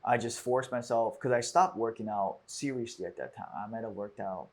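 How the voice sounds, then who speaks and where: A man hosting a podcast, telling a personal story in a halting, reflective way with frequent restarts. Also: medium pitch. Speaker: podcast host.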